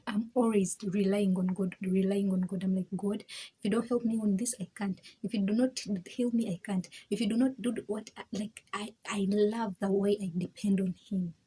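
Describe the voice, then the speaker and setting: A woman speaks frankly in a personal testimony, with a very husky, breathy voice and a mellow, warm tone. She talks in emphatic bursts, repeats words and restarts her sentences, and laughs between points. Her pitch sits in the middle range. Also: fairly even intonation, normal speed, poor audio. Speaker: vlogger sharing her faith testimony.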